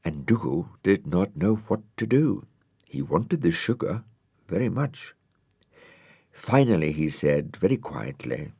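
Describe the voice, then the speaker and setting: A man narrating a children's storybook in a gentle, wry manner. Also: low voice, big pitch swings, unhurried, husky, no room sound, clean studio sound.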